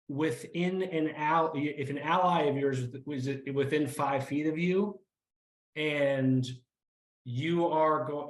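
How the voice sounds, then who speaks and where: Slow, laughing male game master. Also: a little high, echoey room, rough recording. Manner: halting, often breaks into laughter. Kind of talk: narrating a tabletop game.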